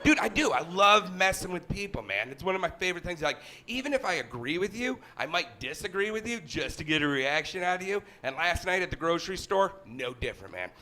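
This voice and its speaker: A man's voice: high voice, very animated, brisk, few pauses, sharp tone. A man, a stand-up comedian, telling jokes in a sarcastic, playful style.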